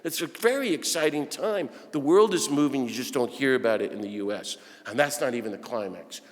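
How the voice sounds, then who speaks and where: A man giving an impassioned preaching talk to a room of listeners, asking rhetorical questions and swinging from hushed to loud. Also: medium pitch, lively intonation, brisk. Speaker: speaker addressing Christian peacemakers. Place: large hall with audience. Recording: long hall reverb.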